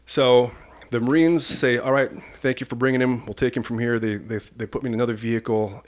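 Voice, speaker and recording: A man from Iowa, a police commander and podcast guest, telling an animated personal story and acting out the people in it. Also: fairly low pitch. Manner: lively storyteller who acts out the people in his story.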